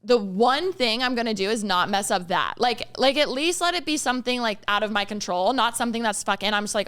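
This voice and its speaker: A young woman co-hosting a podcast, telling a story in animated casual chat, acting out quoted lines and often laughing. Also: on the high side, fast, few pauses, smooth. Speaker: podcast co-host.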